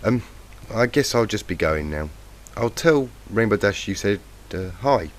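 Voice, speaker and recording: A man's voice: fairly low pitch, expressive, a little slow, pitched above the performer's own voice. A man doing a tearful timid pegasus girl. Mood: nervous. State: has a cold, croaky. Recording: noisy lo-fi mic.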